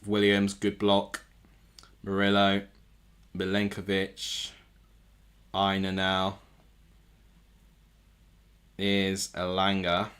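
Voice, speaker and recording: A man's voice: sits low, completely flat delivery, extremely slow, long pauses, fairly bright tone, smooth. A man streaming a live football watchalong from home, reacting to the match and often correcting himself aloud as he goes. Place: home room with TV.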